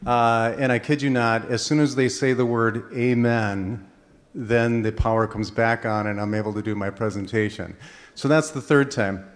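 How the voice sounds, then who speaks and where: Man telling lively stories to an audience. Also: medium pitch, moderate pace. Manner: animated anecdotal delivery with many fillers and restarts. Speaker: speaker at a faith-based presentation. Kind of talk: storytelling talk to an audience.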